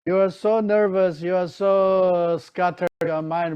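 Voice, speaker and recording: A man's voice: sits high, flat delivery, measured pace, few pauses, darkish tone, clear, resonant tone. A man teaching a class on Tibetan medicine, often checking in with his students and acting out their excuses. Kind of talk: lecture to a class.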